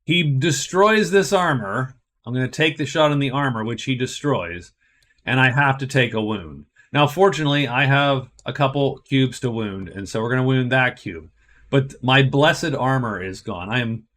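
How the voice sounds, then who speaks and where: A man's voice: medium pitch, lively intonation, normal speed, fairly bright tone. A man narrating a solo board game playthrough, thinking aloud and explaining each move step by step.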